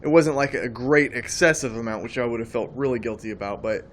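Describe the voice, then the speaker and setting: A man's voice: medium pitch, steady tone, brisk. A man giving a preaching monologue on faith, emphatic and rambling, often repeating his words as he goes. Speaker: Christian speaker.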